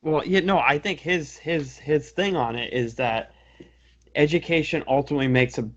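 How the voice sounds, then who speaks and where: A man co-hosting a casual podcast, speaking haltingly with lots of fillers. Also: a little high, dull audio. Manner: halting, hesitant with many likes. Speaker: podcast co-host. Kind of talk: casual chat.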